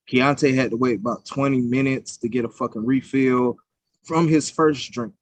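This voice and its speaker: A man's voice: mid-range voice, no echo. Dry-voiced man telling a heated story. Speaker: podcast co-host. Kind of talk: casual chat.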